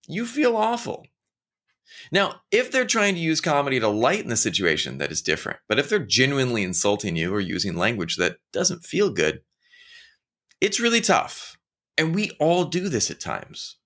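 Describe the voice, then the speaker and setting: A man giving a casual motivational talk. He speaks straight to the listener and tells stories, often acting out the voices of the people in them. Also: medium pitch. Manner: animated storytelling, acting out quoted voices; conversational, addresses listener directly.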